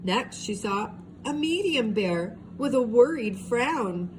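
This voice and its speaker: A woman teacher reads a storybook aloud slowly, her pitch rising and falling in lively swings. She pauses often to ask the young children gentle questions. A steady hiss runs under her voice. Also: poor audio. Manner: expressive, asks the children questions.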